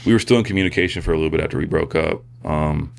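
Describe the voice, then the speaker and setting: Very deep gravelly-voiced man. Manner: halting, soft-spoken, many fillers and restarts. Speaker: podcast guest. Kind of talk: personal testimony in casual conversation.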